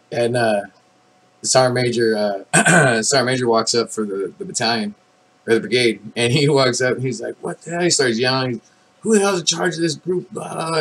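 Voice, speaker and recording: A man's voice: medium pitch, poor audio. A man in his thirties, an army veteran telling stories in a casual, rambling monologue full of fillers and restarts, swearing now and then. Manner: rambling, laid-back, many fillers and restarts.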